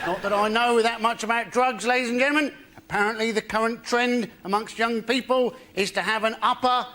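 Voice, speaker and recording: A man's voice: very high voice, fairly even intonation, brisk, pushed and bright. A male comedian delivering wry topical jokes in a dry way on a panel show. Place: TV studio with live audience. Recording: noisy studio recording.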